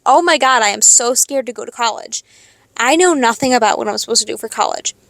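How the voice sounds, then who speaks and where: Teen girl rambling on her own podcast, cusses a lot, kinda high voice, dry close mic. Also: a little fast, creaky, a bit bright, no echo. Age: teens. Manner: rambling, swearing, self-questioning. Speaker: podcast host. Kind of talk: casual stream-of-consciousness monologue.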